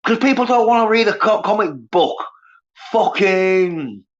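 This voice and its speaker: A man's voice: high voice, measured pace. A man, ranting scornfully and profanely on a casual livestream while reading viewers' comments. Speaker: livestream host. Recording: dull lo-fi sound.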